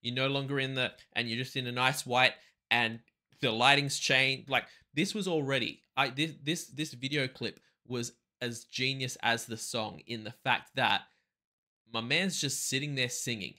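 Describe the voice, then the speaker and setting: A man's voice: medium pitch, moderate pace, bright, forceful tone. Gushing man reacting to music. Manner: gushing, exaggerated, playfully scolding. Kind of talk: excited casual reaction commentary.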